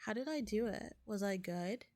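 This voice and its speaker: A woman's voice: medium pitch, expressive, normal speed, warm tone. A woman streaming a game, reading the dialogue aloud between chatty asides. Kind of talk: casual gameplay commentary.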